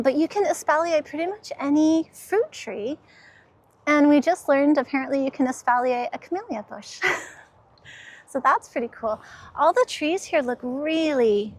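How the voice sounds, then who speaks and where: Unhurried, high-pitched woman vlogger, enthusiastic and giggly, recorded outdoors on a handheld camera. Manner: gushing, enthusiastic, quick to laugh. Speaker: garden vlogger. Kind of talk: casual walk-through vlog. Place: outdoor garden center.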